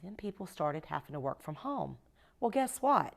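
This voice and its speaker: A woman's voice: fairly low pitch, sing-song, moderate pace, vocal fry. A woman who owns a cleaning company, talking as a podcast guest in casual conversation, emphatic and acting out quoted dialogue as she tells her stories. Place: podcast recording.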